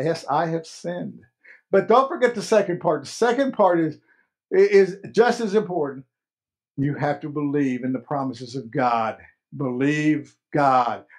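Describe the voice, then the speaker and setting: A man preaching a sermon as pastor, earnest and emphatic, repeating key phrases. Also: fairly high pitch.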